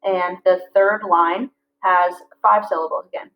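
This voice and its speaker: Woman teaching a slow, clear lesson. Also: lowish voice, fairly even intonation, slight background noise. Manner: slow, clear syllable-by-syllable reading. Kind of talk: classroom lesson. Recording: slightly dull lo-fi audio.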